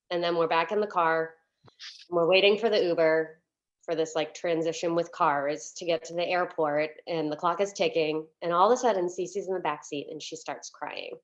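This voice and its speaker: A woman minister giving a sermon as a candid, chatty personal story, with many fillers and restarts, at times close to tears. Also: on the low side. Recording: dull lo-fi recording.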